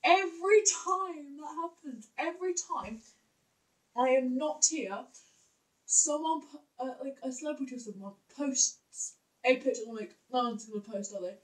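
A woman's voice: sits high, lively intonation, moderate pace, low-quality recording. A young woman chatting casually in a home vlog, rambling with many fillers and hesitations. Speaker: vlogger.

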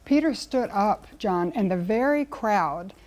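A woman's voice: medium pitch, animated, a little slow, a little mellow. A woman, a guest Bible teacher speaking in an earnest, conversational teaching style. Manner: earnest, storytelling with acted quotes.

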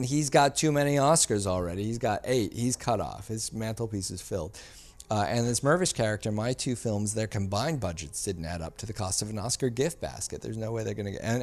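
A man, a filmmaker guest on a podcast, telling a story in a casual, animated way and acting out the people he quotes. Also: fairly low pitch. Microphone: studio mic.

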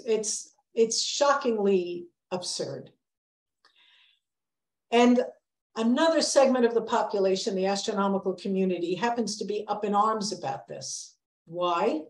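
An older woman giving a prepared public lecture, earnest and emphatic, sounding a warning. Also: medium pitch. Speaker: public lecturer, planetary scientist. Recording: echoey lecture hall.

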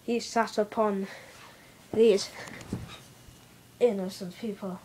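A woman's voice: medium pitch, flat delivery, unhurried, slight background noise, rough recording. A young girl giving a playful home video tour, telling silly stories with mock-serious asides, recorded in a bedroom on a camera mic. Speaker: vlogger.

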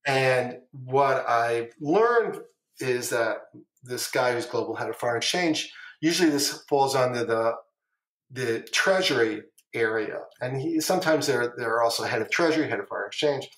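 Speaking at a moderate pace with an expressive, slightly bright medium-pitched voice, this middle-aged man is an ex-trader guesting on a podcast. He rambles through long stories, repeats himself and swears casually in a relaxed storytelling interview recorded in an echoey room.

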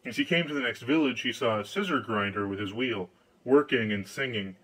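A man narrating a fairy tale audiobook in an expressive storytelling manner. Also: medium pitch, brisk, breathy edge, low-quality recording.

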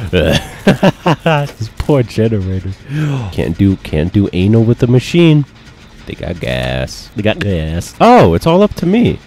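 Male gaming commentator, unhurried, low voice, excitable and crude, swoops up into yelps. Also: a little hiss or hum. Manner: excitable, profane and joking, with sudden yelps and laughs. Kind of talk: casual gameplay commentary.

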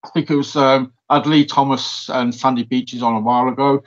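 A man hosting a podcast, chatting casually with halting fillers. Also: medium pitch, steady tone. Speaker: podcast host. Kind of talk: casual chat. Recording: muffled lo-fi with faint noise.

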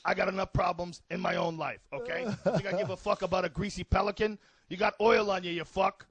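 A man's voice: sits high, steady tone, quick pace, a bit bright, dry recording, pitched above the performer's own voice. A man putting on the voice of a brash, foul-mouthed middle-aged comic, bellowing and taunting. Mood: ranting. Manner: swearing, bellowing, taunting insults.

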